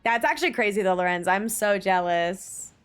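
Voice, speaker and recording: A woman with a smooth, animated, medium-pitched voice talks at normal speed. During a casual live stream she gushes emphatically, swears now and then, and reads viewers' chat messages out loud.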